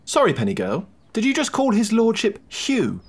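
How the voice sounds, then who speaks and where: A man's voice: sits high, huge pitch swings, moderate pace, breathy edge, heavily acted. A man voicing an eager, brainy young male tennis player who talks precisely.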